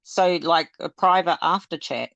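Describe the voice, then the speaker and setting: A woman's voice: lowish voice, a little slow, fairly bright tone, no echo, highs cut off. A woman hosting a casual live stream, talking hesitantly with lots of fillers. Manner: chatty, hesitant, full of fillers and laughs. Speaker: livestream host.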